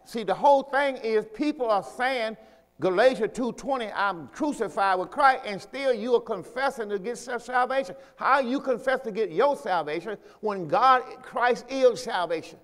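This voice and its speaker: A man's voice: very high voice, lively intonation, moderate pace, fairly bright tone, big-room sound. A man preaching a sermon as pastor in a church. He teaches emphatically, repeats key points and calls on the congregation to say lines back with him. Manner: call-and-response preaching, asks congregation to repeat; repetitive, emphatic teaching delivery.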